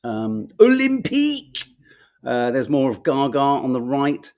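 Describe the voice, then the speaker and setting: A man's voice: medium pitch, little pitch movement, normal speed, darkish tone. A man hosting a podcast, reviewing the papers in a chatty, wry, sarcastic way and musing aloud as he goes. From Britain. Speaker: podcast host. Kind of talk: casual newspaper review chat.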